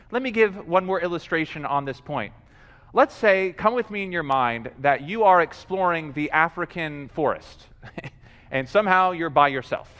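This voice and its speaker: A man's voice: sits high, a bit bright, long reverb tail. A male pastor preaching a sermon, telling stories animatedly, acting out scenes and calling for responses from the congregation.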